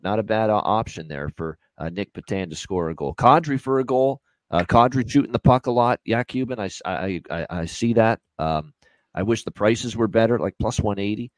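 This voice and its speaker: Speaking at a fairly low pitch with no room sound, a man hosts a sports betting show. His casual betting analysis is quick and chatty, packed with fillers.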